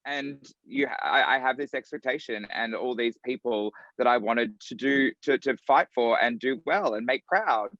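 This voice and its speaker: A man with an Australian accent, a drag performer talking as a guest in a casual interview, animated and quick to laugh. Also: medium pitch, dry recording, highs cut off. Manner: animated, laughing, acts out quotes.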